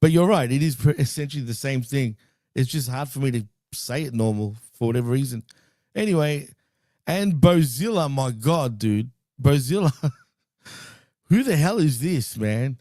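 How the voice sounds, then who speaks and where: A man co-hosting a wrestling podcast in a loose, excitable way, throwing in dude and bro and the odd swear. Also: mid-range voice, moderate pace, no echo, clean studio sound. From Greek heritage. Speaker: podcast co-host. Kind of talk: casual wrestling chat.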